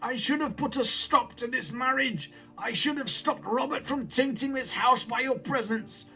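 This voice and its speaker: A man voicing a mad, raging old nobleman grandfather in a slow, trembling, ranting voice. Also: very high-pitched, bright, forceful tone, faint music behind, pitched above the performer's own voice, heavily acted.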